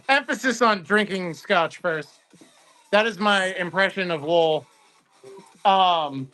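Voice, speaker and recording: Upbeat male stream host, high bright voice, chatty, faint music behind. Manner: excitable, chatty, greets viewers by name. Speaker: host of a card-opening livestream. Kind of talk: casual livestream chat.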